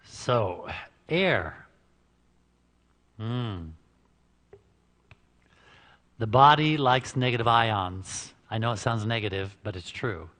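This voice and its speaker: A man's voice: fairly low pitch, takes it slowly, a bit bright. A man giving an informal, joking talk at a church health seminar, chatting with the audience and laughing at his own lines. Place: church hall before an audience. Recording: reverberant church hall.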